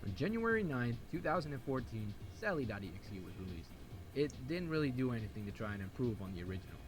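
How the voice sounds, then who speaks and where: A man narrating an internet history video in a quick, lively, wry way. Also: medium pitch, low-quality recording. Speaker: YouTube narrator. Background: music.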